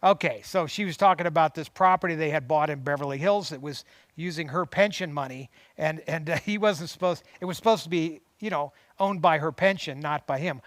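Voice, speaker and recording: A man's voice: on the high side, brisk, no echo. A man hosting a show, reading a memoir aloud on a lapel mic with chatty asides and commentary. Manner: chatty asides, frequent restarts and laughs. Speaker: host.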